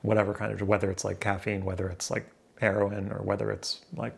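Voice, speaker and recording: A man's voice: fairly low pitch, flat delivery, fairly quick, gravelly, breathy edge. A man sitting at home talking to his camera in a rambling, self-mocking solo vlog, swearing casually. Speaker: vlogger. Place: room indoors near a window. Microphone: camera in front of him, seated.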